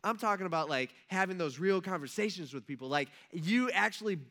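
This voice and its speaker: Easygoing ancient apostle, chummy and matter-of-fact, as a man puts him on, bright timbre. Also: high-pitched, lively intonation, a little fast, exaggerated voice. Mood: cheerful. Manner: casual, chummy, matter-of-fact about hardship. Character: laid-back, cheerful ancient apostle, a grown man.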